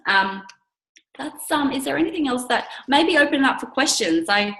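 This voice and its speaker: A woman's voice: high voice, lively intonation, unhurried, sharp tone, reverberant, low-quality recording. A woman leading a team coaching call, upbeat and chatty, with lots of "okay?" check-ins. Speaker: network marketing team leader.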